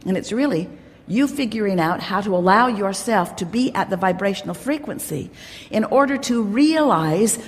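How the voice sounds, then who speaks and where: A woman giving an emphatic, teacherly motivational talk to a live audience, speaking of herself as "we". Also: on the high side. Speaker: inspirational speaker at a live gathering. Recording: long hall reverb from a live event.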